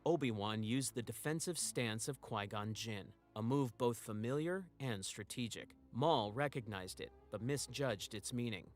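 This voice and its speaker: A man narrating a story recap video in a measured, dramatic scripted style. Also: medium pitch, soft background music.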